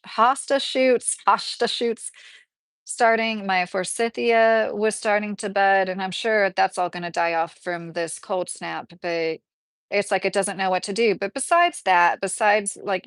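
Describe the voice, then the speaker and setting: A woman's voice: mid-range voice, no echo. A woman with a Kentucky accent hosting a livestream, chatting in a rambling way with lots of fillers. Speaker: livestream host. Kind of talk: casual livestream chat.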